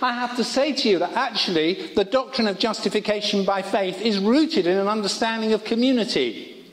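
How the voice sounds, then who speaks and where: A man's voice: high-pitched, a little fast. A man preaching a sermon in a college worship service, talking in a conversational way with humorous asides. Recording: long reverb of a hall.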